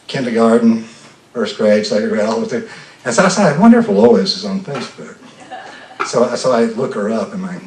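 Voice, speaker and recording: An older man from the American South telling a folksy, self-deprecating story live on a festival stage, often stammering and restarting. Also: mid-range voice. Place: festival stage before an audience. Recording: roomy sound from a distant mic.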